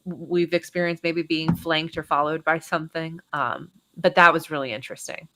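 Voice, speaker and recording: A woman guesting on a podcast, with a bright, clear tone set a little low. She speaks casually and chattily, pausing on um and like as she recounts her research. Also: fairly even intonation. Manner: conversational, with frequent um and like. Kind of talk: casual interview.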